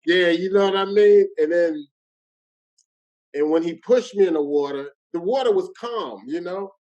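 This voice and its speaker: A man's voice: high voice, normal speed, darkish tone, dull audio. A middle-aged man from New Jersey, a guest comedian telling a story in casual chat with street slang.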